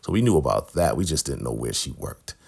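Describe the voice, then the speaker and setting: A man's voice: a bass voice, a little fast, creaky, breathy edge. A middle-aged man casually recapping a TV episode, animatedly acting out characters' lines. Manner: animated, retells scenes by acting out quotes. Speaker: recap host.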